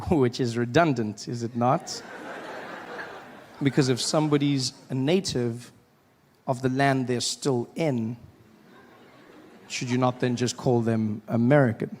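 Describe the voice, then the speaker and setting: A man performing a stand-up comedy routine, animated and acting out characters. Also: mid-range voice, slow, pauses often, in a large hall. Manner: animated, acts out voices and shouts. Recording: live stage with faint audience noise.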